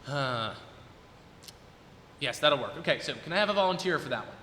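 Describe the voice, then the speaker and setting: A young man in his twenties talks casually to an audience from the stage, thinking aloud and hesitating as he goes. His voice is bright and forward. It rings with the long reverb of a recital hall, over a faint hiss of noise. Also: fairly high pitch, lively intonation, normal speed. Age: 20s. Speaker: recital performer talking to the audience.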